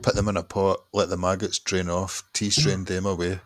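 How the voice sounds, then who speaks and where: A man's voice: low voice, level tone, normal speed, no room sound. A man chatting casually with friends, laid-back and swearing. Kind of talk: casual chat.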